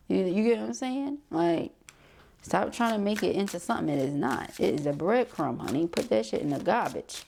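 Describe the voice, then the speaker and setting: A woman giving a tarot reading straight to her viewers, talking in a loose, slangy way. She is sassy and blunt, breaks into quick laughs, and calls her listeners honey and child. Her speaking voice sits a little low for a woman. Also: lively intonation, creaky, a little mellow. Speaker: tarot reader and spiritual coach. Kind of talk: casual chat to viewers.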